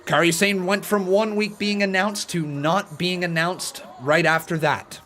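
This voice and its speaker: A male streamer talking casually to his live chat, greeting viewers by name and cheering them on with earnest encouragement. His voice sits a little higher than most men's. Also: steady tone, unhurried, pushed and bright, a little hiss or hum. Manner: chatty, addresses viewers directly by name. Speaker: streamer hosting a live watch-along.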